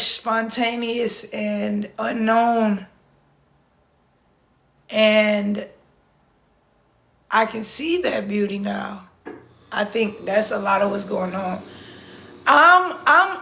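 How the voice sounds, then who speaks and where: A hoarse woman speaking in a casual, intense live-stream monologue, repeating herself and swearing freely. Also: a little high. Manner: intense, repetitive, profane, swings to shouting. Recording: roomy echo.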